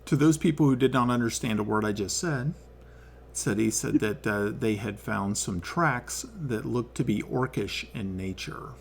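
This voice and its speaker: A man narrating as game master over an online call, halting with many fillers. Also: medium pitch, vocal fry, slight background noise.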